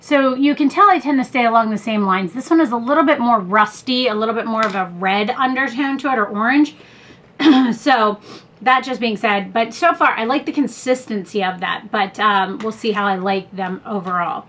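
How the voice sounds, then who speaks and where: A woman with a somewhat high voice records a casual beauty haul at home, talking close to her camera. She rambles chattily through the products, with plenty of fillers and little asides. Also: moderate pace, a bit bright, a little hiss or hum. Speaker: beauty vlogger.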